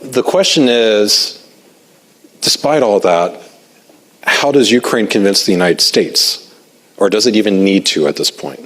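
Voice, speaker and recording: Man, moderator, thoughtful question, hesitant, low pitch. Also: measured pace, long pauses, a bit bright. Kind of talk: asking an audience question.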